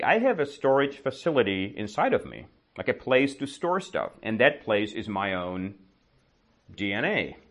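A man's voice: mid-range voice, fairly bright tone. A man teaching with a casual story, asking and answering his own questions and often adding "right?".

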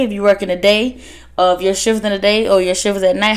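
A woman giving a casual motivational talk to fellow workers, animated and laughing as she acts out her family's voices. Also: medium pitch, fairly quick. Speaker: speaker addressing workers.

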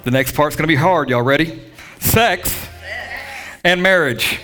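A man's voice: a little high, unhurried, sharp tone. A man preaching a sermon as pastor to his church, joking and talking straight to the congregation. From Southern United States. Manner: joking, talks to the congregation directly. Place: church sanctuary with live audience.

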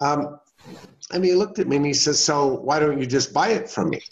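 As an interview guest, a middle-aged man tells a folksy personal anecdote, acting out the people in it. His voice is fairly high and fairly quick, and the recording has a dull, lo-fi sound.

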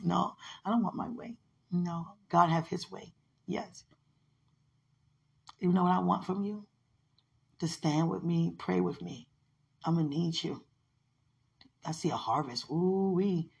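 A woman's voice: lowish voice, creaky, breathy edge. A woman in casual, heartfelt one-sided talk, rambling and affectionate, often laughing, with religious phrasing.

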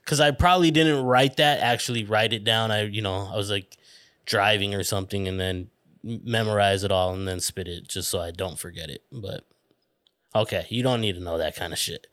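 A man's voice: on the low side, fairly quick, a bit bright, no echo, clean studio sound. A man hosting a podcast in casual chat, rambling and self-conscious, laughing and swearing. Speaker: podcast host.

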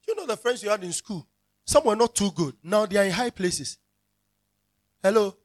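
A man's voice: high-pitched, animated, moderate pace, pauses often. A male pastor preaching a sermon, emphatic and repeating his key phrases as he calls out to the congregation.

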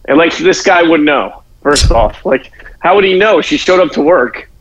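Man, podcast co-host, slightly high voice, dull lo-fi sound, blunt and profane. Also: lively intonation, normal speed. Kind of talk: casual movie-review chat.

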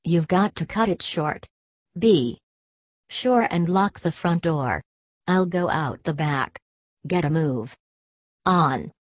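A woman reading the part of a folksy frontier dog musher in an audiobook of a classic novel, drawling his plain speech in a low, slow voice. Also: no room sound. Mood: urgent.

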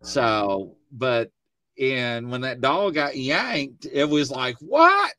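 A man hosting a casual chat show from his studio, telling stories with lively acted-out quotes. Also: medium pitch, takes it slowly, dry recording. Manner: animated storyteller, acts out quotes. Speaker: host. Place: home studio.

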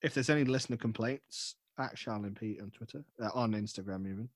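A man's voice: fairly low pitch, quick pace, no room sound. A man hosting a podcast in casual, bantering chat, swearing now and then. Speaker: podcast host.

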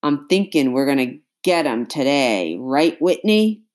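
A woman voicing a greedy, cruel male slave catcher who speaks in a slow rural drawl. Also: low voice, lively intonation, darkish tone. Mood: menacing.

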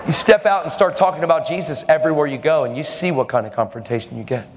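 A man's voice: fairly high pitch, fast, background noise. Emphatic male preacher in a reverberant hall. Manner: bold, emphatic, laughing asides. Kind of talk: sermon. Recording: hall reverb with faint music.

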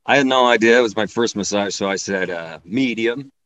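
A man performing a stand-up comedy set, telling a story in an animated way and acting out the voices of the people in it. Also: lowish voice, fast talker, highs cut off, over a noisy crowd.

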